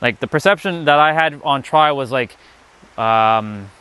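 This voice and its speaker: A man's voice: medium pitch, a little slow, bright, forceful tone, smooth. A young man giving a casual live-stream talk as a spiritual teacher, rambling and restarting his sentences often.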